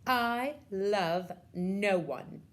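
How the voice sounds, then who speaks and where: A woman voicing an arrogant, spoiled young princess who is shrill and demanding. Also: expressive, normal speed. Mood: haughty.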